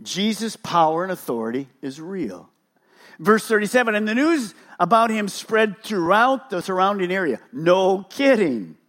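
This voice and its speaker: Animated high-voiced male pastor. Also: normal speed. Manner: animated, rhetorical questions, emphatic. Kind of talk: sermon. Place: church service.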